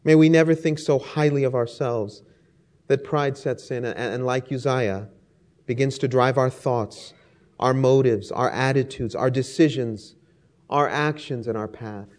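A man's voice: mid-range voice, unhurried, a little mellow. A man preaching a sermon, speaking emphatically with rhetorical lists and stories. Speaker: pastor.

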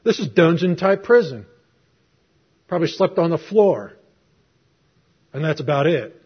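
A middle-aged man delivers a sermon in a slightly high, husky voice. He tells his story conversationally and throws rhetorical questions at the congregation. The recording is muffled and lo-fi. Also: lively intonation, a little slow. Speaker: preacher. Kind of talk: sermon with personal testimony.

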